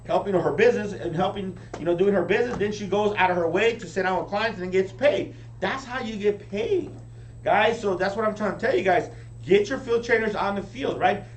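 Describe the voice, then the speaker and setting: A man giving a high-energy motivational training talk to a live audience, often checking in with them. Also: brisk. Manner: energetic, keeps asking the crowd "right?". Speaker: business team leader training recruits. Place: meeting room with an audience. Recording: echoey room, distant mic, faint hum.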